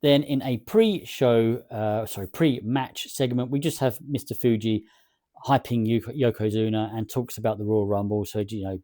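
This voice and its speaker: A man talks through his game in a relaxed, musing way, full of fillers. His voice is mellow and warm, recorded close and dry. He sounds easygoing and thoughtful. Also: on the low side, normal speed, no echo. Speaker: gaming commentator. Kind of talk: let's play commentary.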